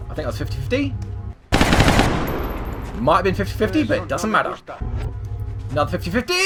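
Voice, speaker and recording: A man hosting a gaming video, swinging between loud swearing outbursts and rambling explanations as he plays. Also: high-pitched, sing-song, a little fast, faint music behind. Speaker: gaming channel host. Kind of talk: excitable gameplay commentary.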